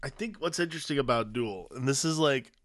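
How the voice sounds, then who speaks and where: A man co-hosting a podcast in casual chat, speaking in a relaxed way. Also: medium pitch, a little fast, no echo, studio quality. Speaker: podcast co-host.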